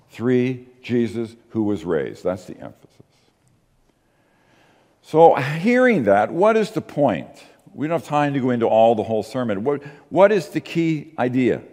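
A man preaching a sermon as pastor, emphatic, asking rhetorical questions and slowing to stress key words. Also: mid-range voice, a little mellow, long reverb tail.

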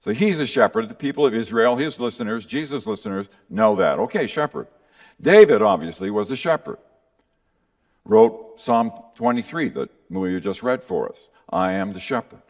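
A man's voice: on the low side, sing-song, normal speed. A man preaching a conversational teaching sermon to his congregation, often checking in with the listeners with little tag questions. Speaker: pastor.

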